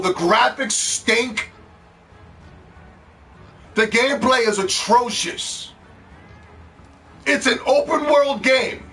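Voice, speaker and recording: A man with a very high-pitched, sharp voice delivers ranting video game commentary, swearing and sneering at other players. Faint music can be heard in the background.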